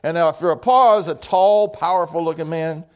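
A male pastor delivers a sermon with a relaxed, conversational manner. He slips in light joking asides, and his voice sits slightly high for a man. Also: normal speed.

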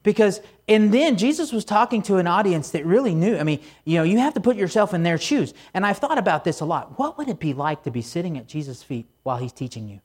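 Conversational preacher with a slightly high voice. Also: male voice, very animated, quick pace, hardly any pauses, a little mellow, husky. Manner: casual, storytelling delivery with asides. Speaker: pastor. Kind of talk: conversational sermon.

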